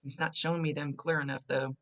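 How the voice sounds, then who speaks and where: A woman psychic medium talks a client through a reading and relays images as they come to her, with many small restarts. Her voice has a gravelly edge. The recording is dull and lo-fi. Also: sits low, level tone, brisk, fairly bright tone. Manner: chatty, describing visions as they come with restarts.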